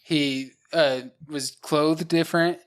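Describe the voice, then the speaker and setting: A man's voice: a little high, fairly even intonation, slow pace, clean tone. Podcast co-host, male, methodical explainer, plain conversational delivery. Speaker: podcast co-host, dungeon master. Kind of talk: casual chat.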